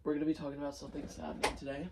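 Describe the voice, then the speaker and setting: A man's voice: fairly high pitch, level tone, rapid-fire, very noisy. A tired, sleep-deprived young man talking casually as a vlogger, subdued and rambling with fillers and restarts. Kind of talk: casual personal storytelling.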